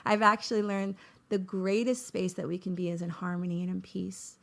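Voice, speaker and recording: A middle-aged woman with a gravelly, creaky voice hosts a podcast. She tells a reflective personal story in a lively way. She often acts out her own thoughts in quotes. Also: lowish voice, moderate pace. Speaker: podcast host.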